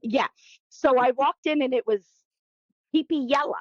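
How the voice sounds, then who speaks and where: A woman from New Jersey with a fairly high voice chats as podcast co-host and tells stories in an animated way, acting out the quotes. The sound is dull and dry, a lo-fi recording with no room to it. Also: moderate pace, no room sound. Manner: animated storyteller, acts out quotes. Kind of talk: casual chat.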